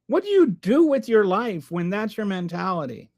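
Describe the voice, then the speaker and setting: A man with a high-pitched voice talking on a live stream, reading chat comments and answering with sarcastic, rambling commentary. He stumbles and restarts often. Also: very animated, normal speed, few pauses, darkish tone.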